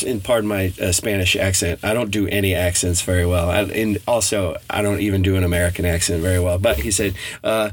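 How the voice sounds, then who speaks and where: Blunt, low-voiced guy bantering on a podcast. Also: a little fast, hardly any pauses. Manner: blunt, swears a lot, laughs often. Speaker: podcast co-host.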